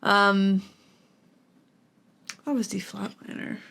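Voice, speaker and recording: A woman's voice: medium pitch, fairly even intonation, slow, gravelly, bright, forceful tone. A woman vlogging casually about guitar gear at home, chatty and self-deprecating, with lots of fillers and giggles. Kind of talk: casual chat while practicing.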